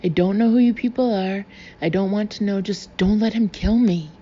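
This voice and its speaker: A woman's voice: mid-range voice, moderate pace, warm tone, natural voice. A woman voicing a man who fakes terror as a hostage, wailing, pleading and jabbering in short breathless bursts. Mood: panicked jabbering. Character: terrified middle-aged man faking hostage panic. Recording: slightly dull recording with faint hiss.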